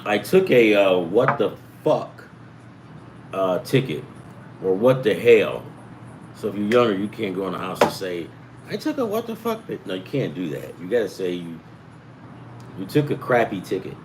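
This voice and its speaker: A sports betting show host in middle age rambles casually and profanely, skipping from subject to subject. He speaks expressively at normal speed in a low-pitched voice, against a noisy background.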